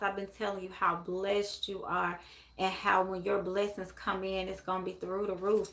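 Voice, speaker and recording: A woman's voice: medium pitch, flat delivery, normal speed, fairly bright tone. A woman from Memphis hosts a live-stream spiritual reading, reading scripture and viewer comments aloud and repeating words for emphasis. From Memphis, USA.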